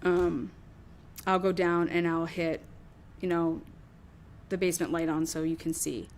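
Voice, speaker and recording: A woman's voice: lowish voice, little pitch movement, a little slow, darkish tone. A woman hosting a true crime show, talking through her theory in a rambling, casual way, swearing often and acting out what others might have said.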